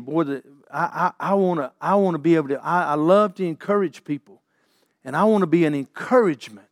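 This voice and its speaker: Middle-aged man preaching, folksy and repetitive, slightly high voice, dry close sound. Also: no echo. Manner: folksy, repeats and restarts, calls for amens. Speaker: pastor. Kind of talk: sermon.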